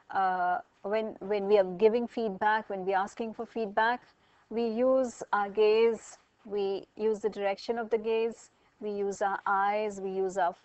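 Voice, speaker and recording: A woman's voice: fairly high pitch, a little mellow, no echo, poor audio. Female lecturer asking her class questions. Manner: asks students questions, explains with examples. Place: college classroom.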